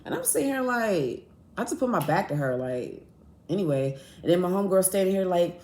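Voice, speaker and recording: Woman podcast host, casual and blunt, swears freely, low-ish voice, roomy echo. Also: a little fast. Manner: blunt, profane, animated storytelling. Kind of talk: casual storytelling.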